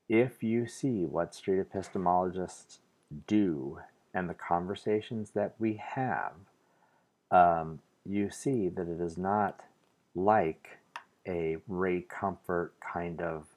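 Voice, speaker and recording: A man's voice: low voice, a little mellow. A man from the United States giving an earnest, argumentative vlog monologue, hesitant and full of restarts. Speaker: vlogger. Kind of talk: casual monologue to the camera.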